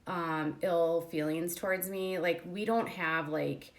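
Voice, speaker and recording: A woman with a notably low voice tells a long story as the host of a commentary channel. She chats loosely with plenty of fillers and slips into the voices of the people she quotes. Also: steady tone, takes it slowly. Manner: chatty, many fillers, acts out quoted dialogue. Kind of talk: casual storytelling monologue.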